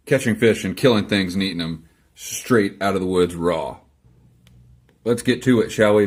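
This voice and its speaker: A man with a lowish voice talks casually to the camera from his garage, answering comments. His delivery is dry and sarcastic. He rambles through self-deprecating asides. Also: darkish tone. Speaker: vlogger answering viewer comments. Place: home garage.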